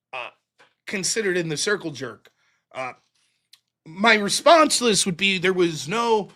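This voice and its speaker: A man's voice: sits high, bright, forceful tone. A man hosting a livestream, ranting casually and profanely about a debate, laughing often. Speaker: livestream host.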